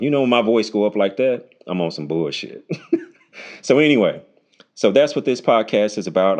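A man hosting his own unscripted solo podcast, talking bluntly and casually with lots of swearing, his voice jumping high when he jokes. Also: a little mellow. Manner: voice jumps high when joking. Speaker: podcast host. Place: home recording, unedited.

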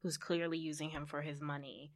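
A woman's voice: low voice, little pitch movement, a little fast. A woman co-hosting a casual podcast, gossiping bluntly and animatedly about reality TV. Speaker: podcast co-host. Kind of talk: casual chat.

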